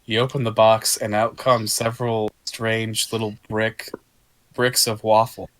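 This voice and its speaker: A man narrating a tabletop role-playing game as game master, in a playful, relaxed storytelling manner. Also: lowish voice, a little slow, no room sound.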